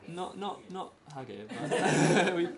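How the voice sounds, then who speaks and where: A man's voice: medium pitch, a loud crowd. Laughing Scottish man giving a talk. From Scotland. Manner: simple slow wording, laughs often. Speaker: presenter giving a talk about Scotland. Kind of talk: casual presentation to a small group.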